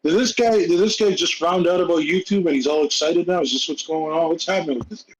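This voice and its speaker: A man in a podcast voice chat, excited and talking over the others. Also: on the high side, fast, highs cut off, a little hiss or hum. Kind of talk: voice chat banter. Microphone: online voice chat.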